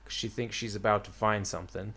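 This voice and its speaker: A man's voice: fairly low pitch, little pitch movement, quick pace, a bit bright, breathy edge. A young man casually retelling a book's plot in a rambling way, full of "like" and "uh". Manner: rambling, filler-heavy retelling with many "like"s. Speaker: storyteller retelling a book plot. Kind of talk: casual chat.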